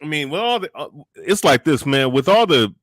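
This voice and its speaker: A man's voice: on the high side, lively intonation, moderate pace, a bit bright, dry recording. A man co-hosting a boxing show, arguing bluntly and profanely and stumbling over his words. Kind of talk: heated boxing banter.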